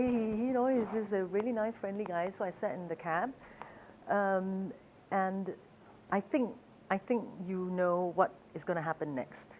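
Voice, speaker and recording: A woman's voice: mid-range voice, unhurried, a little mellow, lo-fi sound, slight background noise. A woman who is a travel author, telling stories in a chatty, hesitant way with fillers and frequent laughs. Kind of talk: storytelling talk.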